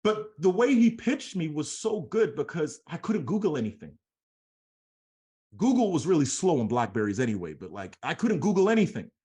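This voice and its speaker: A young man tells a story at a motivational training session. He is slangy and animated and acts out the dialogue as he goes. His voice sits a little high and swings a lot in pitch. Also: moderate pace. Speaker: MLM trainer.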